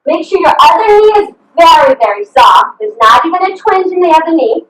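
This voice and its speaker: A woman's voice: extremely high pitch, sing-song, fairly quick. Upbeat woman coach whooping on a call. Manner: upbeat, encouraging, cheers with whoops. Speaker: fitness coach. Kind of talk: live online workout instruction. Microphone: video call. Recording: echoey video call from a distant mic.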